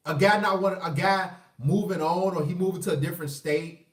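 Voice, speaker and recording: High-voiced man ranting profanely, echoey room. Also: fairly even intonation, brisk. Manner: profane, emphatic, combative. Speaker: vlogger. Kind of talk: ranting livestream monologue. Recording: echoey room, far from mic.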